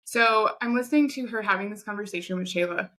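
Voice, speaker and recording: A woman in her thirties, a podcast guest, telling her own story in a chatty, animated way. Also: mid-range voice, fast. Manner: chatty, animated retelling with quoted asides. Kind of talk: conversational storytelling.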